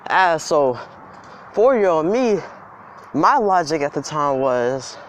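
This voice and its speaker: A young man with a high voice tells a story outdoors in the cold, rambling and emphatic. Faint traffic and street noise sit behind him. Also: very animated, slow. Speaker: vlogger. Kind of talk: storytime vlog.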